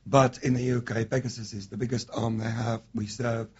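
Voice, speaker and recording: Raspy gravelly guy on a radio interview, explaining his business, muffled sound. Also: mid-range voice, level tone. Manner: measured, explaining with fillers. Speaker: guest, business owner. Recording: dull lo-fi radio recording.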